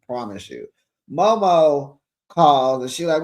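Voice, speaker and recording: A man with a fairly high voice runs through a reality show recap in gossip mode. He is sassy and chatty, sprinkling in honey and child as he talks to his viewers like friends. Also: expressive, measured pace, darkish tone. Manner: sassy, chatty, addresses viewers as besties and y'all; calls listeners honey and child.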